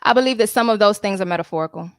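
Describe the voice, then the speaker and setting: A woman taunting and mocking others in a heated online debate, brash and loud. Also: medium pitch, very fast, clear, resonant tone, dry recording. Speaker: debate guest.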